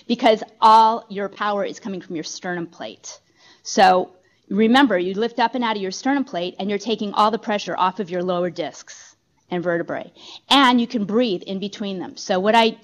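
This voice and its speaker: A woman's voice: medium pitch, muffled recording. A woman teaching yoga in a company talk room, giving upbeat step-by-step instructions into a handheld microphone.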